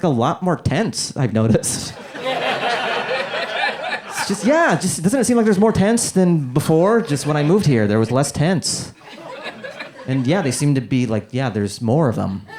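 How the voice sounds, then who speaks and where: A man's voice: medium pitch, darkish tone. A man doing stand-up comedy, trying out new material in a loose, rambling way on a comedy club stage. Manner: loose, rambling, full of "like" fillers. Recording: live comedy club with crowd laughter.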